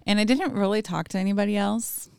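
A woman's voice: mid-range voice, quick pace, gravelly, darkish tone, smooth, dry recording, studio quality. A woman, a mother, telling a personal story in casual podcast talk, full of fillers and acted-out quotes. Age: adult with children. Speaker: podcast guest. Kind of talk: casual conversation.

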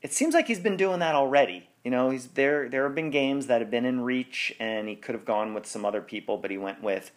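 A man's voice: mid-range voice, brisk, hardly any pauses. A man hosting a sports podcast in casual chat, rambling and correcting himself, with frequent laughs. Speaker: podcast host.

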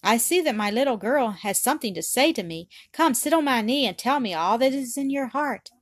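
A woman reading aloud voices a gentle but firm father who speaks fondly and in measured tones. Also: on the high side, lively intonation, dry recording, clean studio sound. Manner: fond, measured. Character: fond, stern Victorian father, gentle and firm.

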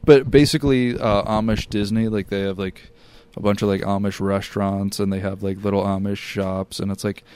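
A man's voice: lowish voice, flat delivery, moderate pace, hardly any pauses, darkish tone, a little hiss or hum. A man co-hosting a podcast in casual chat, telling stories loosely with lots of filler words and laughter. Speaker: podcast co-host.

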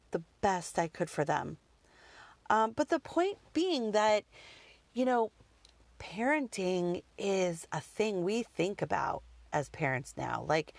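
A woman in her thirties hosting a personal podcast, talking earnestly and reflectively with frequent pauses and restarts. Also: mid-range voice, darkish tone, no echo. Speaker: podcast host.

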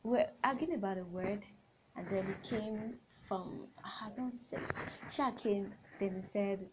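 A woman's voice: medium pitch, moderate pace. Young woman rambling thru her solo podcast, keeps correcting herself, hiss in the background. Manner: chatty, rambling, self-correcting. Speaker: podcast host.

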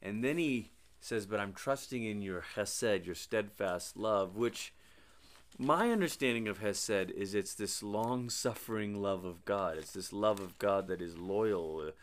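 A man in a casual Bible discussion, attentive, murmuring agreement and asking halting, restarting questions. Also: lowish voice. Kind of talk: conversational Bible study.

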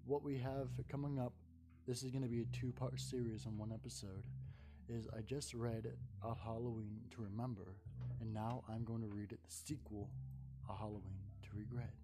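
A man reading a first-person horror story aloud in a calm narrating voice. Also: medium pitch, normal speed.

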